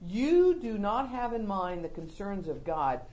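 A woman voicing a steady, matter-of-fact male teacher in a sermon retelling. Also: medium pitch, measured pace. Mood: firm. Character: calm, firm male teacher.

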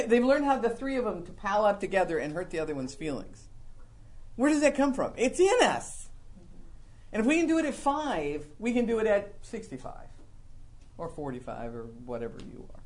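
A man gives a relaxed, conversational sermon with folksy humor. He acts out little quoted scenes and drops to a hushed, low voice for the heartfelt parts. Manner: folksy and humorous, acting out quoted lines, dropping soft and low for confessions. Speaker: preacher.

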